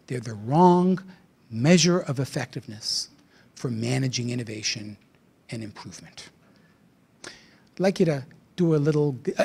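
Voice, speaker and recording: Male speaker, gravelly and husky voice, blunt and sardonic lecturing at a conference. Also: fairly high pitch, a little mellow. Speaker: invited speaker. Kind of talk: conference talk.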